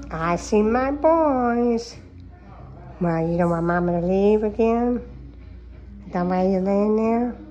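A woman's voice: medium pitch, highs cut off. A woman talking baby talk to her cats at home, cooing and sometimes dropping to a whisper. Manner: cooing, affectionate, drifting into soft whispers. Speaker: cat owner filming her pets. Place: home, indoors.

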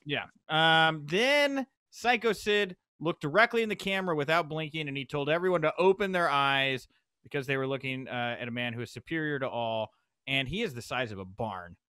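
Chatty male podcast host, raised pitch. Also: moderate pace, clear, resonant tone, no echo. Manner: lively recapping, excitable asides. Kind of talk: casual chat.

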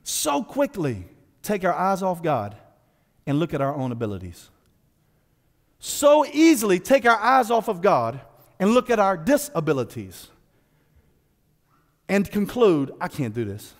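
A man preaching a sermon as pastor, animated and playful, slipping into casual voiced asides. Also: high voice, unhurried, pauses often, in a large hall. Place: church sanctuary.

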